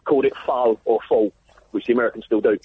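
A man's voice: medium pitch, steady tone, fast talker, slightly rough, narrow, tinny audio. A man calling into a radio show, chummy and a little stumbling. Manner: chummy, calls the host mate, stumbling. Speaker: caller. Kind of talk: phone-in call.

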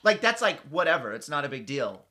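A man in his late twenties co-hosting a podcast, chatting casually in an animated, teasing, joking way. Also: on the high side, fairly quick. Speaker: podcast co-host. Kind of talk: casual chat.

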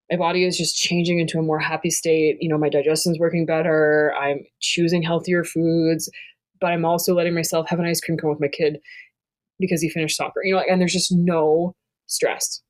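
A woman's voice: lowish voice, a little mellow. A woman in her thirties, co-hosting a podcast in casual chat, speaking candidly and with lots of energy, swearing freely. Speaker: podcast co-host.

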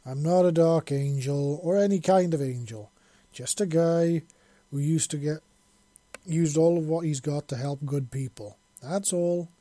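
A man voicing a gentle, devoted young male hero who speaks softly. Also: fairly high pitch, a little slow, no room sound, pitched above the performer's own voice, close to an everyday voice. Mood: tender. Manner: soft, tender.

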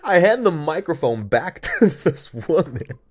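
A man from California telling a story casually, animated, laughing often and swearing freely. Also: fairly high pitch, a little slow.

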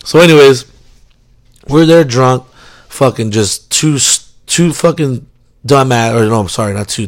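A young man telling a drunken story in a casual, rambling way, swearing constantly and filling his talk with fillers. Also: medium pitch. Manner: laid-back, amused.

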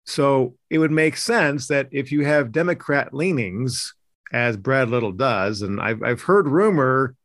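A man hosts a political podcast in an emphatic, indignant way, often stumbling and restarting his sentences. His voice sits at an ordinary middle pitch. It is recorded on a close mic with a dry, deadened sound. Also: lively intonation, measured pace, a bit bright, dry recording. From Idaho. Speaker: podcast host, news editor.

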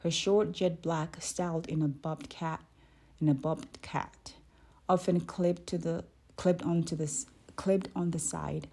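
A woman reading a children's book aloud, careful and gentle, stopping to correct her own slips. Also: sits low, steady tone, a little slow, husky. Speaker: reader.

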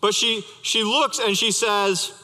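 Young male pastor, high and bright, a relaxed storyteller with easy humor, heard through long church reverb. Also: slow. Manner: conversational, storytelling with light humor. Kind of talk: sermon. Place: church sanctuary.

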